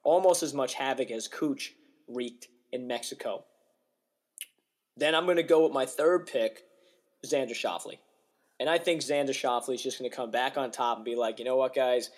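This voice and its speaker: Animated young man, casual podcast chat. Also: mid-range voice, moderate pace. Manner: animated, jokey, mimics players' voices. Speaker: podcast co-host.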